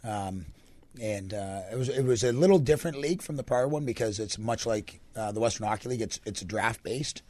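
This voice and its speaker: A young Canadian man, a hockey coach with a deep, raspy voice, answering radio interview questions in a relaxed, rambling way. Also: a little fast, dry recording. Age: young adult. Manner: relaxed, rambling answers with many fillers and restarts.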